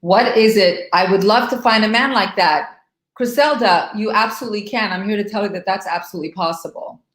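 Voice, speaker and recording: A middle-aged woman hosts a live stream, talking straight to her viewers with emphatic, animated conviction. Her voice sits at an ordinary middle pitch. The sound comes from a room with a noticeable echo. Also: a little fast. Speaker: life coach hosting a live stream.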